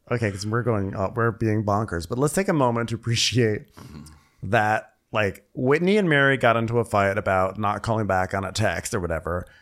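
A man co-hosting a podcast, rambling through a reality-show recap with frequent laughter and fillers. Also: lowish voice. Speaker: podcast co-host. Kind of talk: casual recap chat.

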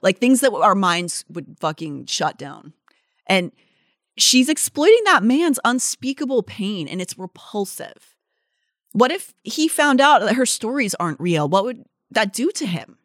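A woman co-hosting a casual true-crime podcast, indignant and swearing freely, swinging from quiet mutters to loud outbursts. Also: mid-range voice, very animated, measured pace, no echo, studio quality. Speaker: podcast co-host.

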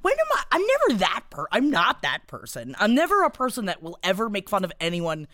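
A woman co-hosting a podcast in casual chat, gushing and excitable, darting through quick asides and then stretching out her words for emphasis. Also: mid-range voice, no room sound, clean studio sound. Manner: excitable, gushing, swings from rapid asides to slow drawn-out emphasis. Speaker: podcast co-host.

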